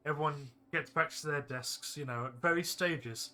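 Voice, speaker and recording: A man's voice: on the high side, moderate pace, bright, forceful tone. A man streaming live, telling a story in casual chat, dry and fussy about the right words.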